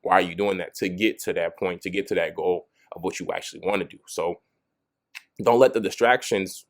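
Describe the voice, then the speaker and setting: Low-voiced and brisk, with fairly even intonation, this young adult motivational video host speaks directly to camera in a relaxed, casual way. He thinks aloud, restarting lines and returning again and again to "you know what I'm saying."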